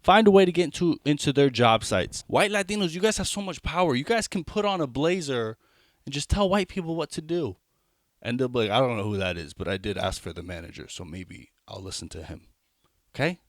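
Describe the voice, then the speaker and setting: A man's voice: on the high side, no echo, clean studio sound. A young adult man doing a stand-up comedy set, talking conversationally with rambling asides and frequent restarts.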